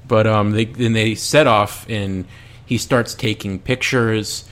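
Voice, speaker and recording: A man with a fairly low voice retells scenes from a film in easy conversation. He narrates events step by step, in a matter-of-fact storytelling manner. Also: steady tone, slow pace, fairly bright tone. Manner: recounts scenes in a plain, storytelling way. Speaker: film discussion co-host. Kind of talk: casual conversation.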